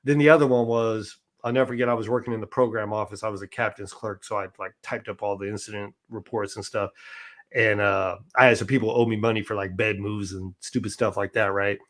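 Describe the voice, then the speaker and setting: Here a man's lowish, even, rather bright voice moves along briskly. As an interview guest telling stories informally, he keeps restarting his thoughts and asking "right?" to check in.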